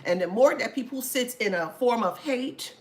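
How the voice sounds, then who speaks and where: A woman's voice: on the high side, animated, normal speed. A woman hosting a casual talk to camera, sassy, laughing often and swearing freely. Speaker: channel host.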